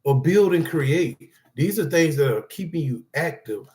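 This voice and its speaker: Reading from notes indoors, a support group speaker with a fairly high voice offers motivational advice in a casual, encouraging tone. His delivery is a little slow and a little mellow, with lively intonation, and he rambles loosely while speaking straight to viewers with frequent "all right?" and "okay?"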